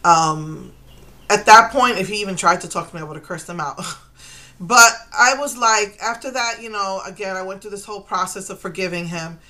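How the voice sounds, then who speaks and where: Bright-voiced emotional middle-aged woman. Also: mid-range voice, moderate pace. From Puerto Rico. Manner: emotional, rambling, with restarts. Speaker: vlogger. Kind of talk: personal confessional monologue.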